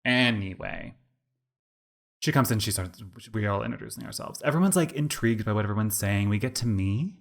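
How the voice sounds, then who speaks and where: Co-hosting a podcast, this man in his twenties has a lowish voice with vocal fry and speaks a little fast. He's animated and rambling as he tells a story in casual conversation, leaning heavily on "like."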